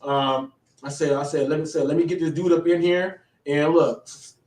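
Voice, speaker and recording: A man's voice: fairly high pitch, steady tone, normal speed, darkish tone. Rambling male host in an echoey room. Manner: rambling, slangy, hesitant. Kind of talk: casual live-show interview. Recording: echoey, distant from the mic.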